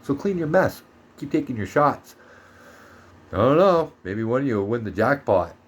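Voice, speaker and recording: A man's voice: mid-range voice, very animated, moderate pace, a little hiss or hum. A man from Canada ranting heatedly in a monologue vlog, swearing often and turning sarcastic. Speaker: vlogger.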